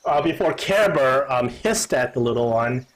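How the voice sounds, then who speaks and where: Husky man running a tabletop game. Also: medium pitch, lively intonation, moderate pace, low-quality recording. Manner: rambling narration with many fillers and restarts. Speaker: game master.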